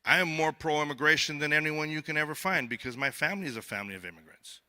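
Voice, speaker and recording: A man's voice: on the high side, fast, sharp tone. A man who is a border patrol agent giving a conversational, joking speech on stage to a live audience, often repeating words as he starts a sentence. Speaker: border patrol agent speaking at a youth summit. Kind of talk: conference speech.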